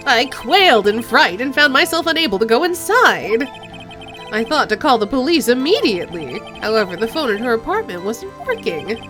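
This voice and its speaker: A woman's voice: on the high side, sing-song, moderate pace, music in the background. A woman voicing an eager, jittery male newspaper seller giving testimony in a game. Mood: dramatic. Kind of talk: game voice-over.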